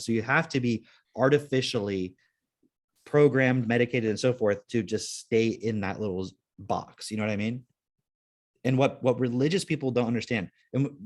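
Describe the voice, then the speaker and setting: A man hosting a podcast in casual chat, rambling and laid-back, with lots of "like" and free swearing. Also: medium pitch. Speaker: podcast host.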